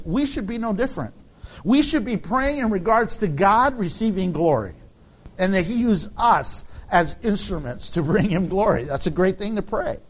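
High-voiced guy preaching, earnest and lively, chuckles here and there. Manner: earnest, animated, laughs between points. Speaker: pastor. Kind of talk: sermon.

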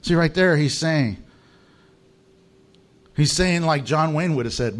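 A man's voice: on the high side, slow pace, long pauses. An American male pastor preaching a humorous sermon, telling stories with animation and laughing at his own jokes. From United States.

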